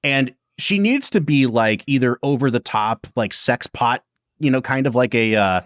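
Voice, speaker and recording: Male podcast co-host, lively pitch, dry close sound, casual movie chat. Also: normal speed, no room sound. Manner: animated, laughs often, puts on quoted voices. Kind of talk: casual film review chat.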